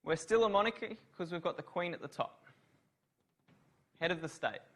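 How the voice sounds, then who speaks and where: Male lecturer, slightly higher voice than most men, runs a revision class and quizzes students. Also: animated, moderate pace, fairly bright tone. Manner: quizzes students, praises answers. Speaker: law lecturer.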